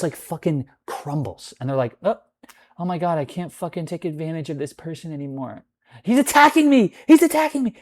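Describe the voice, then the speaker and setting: A man's voice: a little high, mellow. A young man venting to camera about his roommate and landlord, cursing often, heated and rambling with restarts. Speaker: vlogger. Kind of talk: angry venting monologue.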